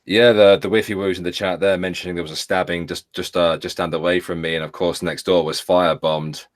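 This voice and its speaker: A man with an English accent hosting a casual streamed chat show, telling stories with lively swearing. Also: sits low, brisk. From England. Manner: swearing, animated storytelling. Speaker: streamer host.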